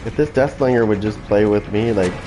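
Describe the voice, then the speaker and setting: A man's voice: lowish voice, a little fast, music in the background, rough recording. A man giving profane, trash-talking commentary while playing a video game, taunting opponents. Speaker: gaming channel host. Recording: loud game sounds behind.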